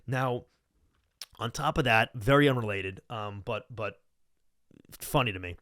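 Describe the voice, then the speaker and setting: A man in his late twenties from Long Island, talking solo on his podcast in a loose, rambling rant. He swears freely and keeps a sardonic edge, at an average pitch for a man. The sound is very dry, close to the mic. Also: normal speed, fairly bright tone, no room sound. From Long Island, New York. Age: 20s. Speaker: podcast host. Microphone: studio podcast mic.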